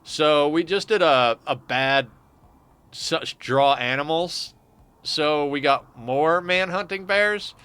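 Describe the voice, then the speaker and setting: Male game streamer with a bright, forward tone, rambling and casual. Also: fairly high pitch, slow pace, smooth. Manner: rambling, loose and chatty, swears now and then. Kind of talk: casual let's-play commentary.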